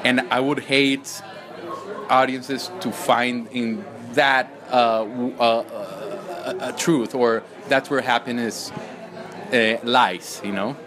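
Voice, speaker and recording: Halting Colombian-accented man. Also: mid-range voice, fairly even intonation, a crowd in the background. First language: Spanish. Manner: hesitant, halting with many restarts. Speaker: film director. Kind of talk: interview answers.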